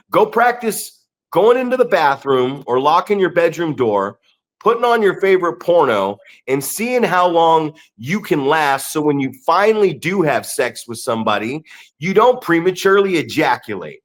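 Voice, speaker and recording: A man co-hosting a podcast, ranting profanely with animated mocking asides. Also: a little high, normal speed. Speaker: podcast co-host. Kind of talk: casual podcast rant.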